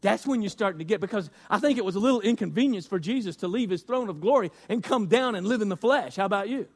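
A man's voice: sits high, lively intonation, fast talker. A man pastor preaching a folksy sermon, repeating phrases for emphasis and speaking straight to his congregation.

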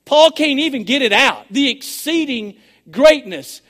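A man preaching a sermon, excitable and swinging between shouting and a hushed voice. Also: very high-pitched, unhurried. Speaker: pastor.

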